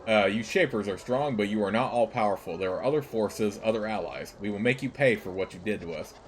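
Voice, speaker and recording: A bitter old servile woman who leads a rebellion, as a man reading a game puts her on, her words slow, clipped and broken. The voice sits low and even, with faint noise underneath. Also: lightly acted. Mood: defiant. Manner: slow, halting, broken phrasing.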